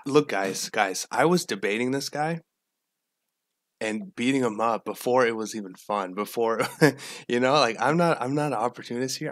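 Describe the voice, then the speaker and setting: The recording is dry and clean, studio-grade, carrying a man's medium-pitched, slightly bright voice. He's hosting a laid-back livestream, saying hello to people in the chat and rambling with plenty of repeats and false starts.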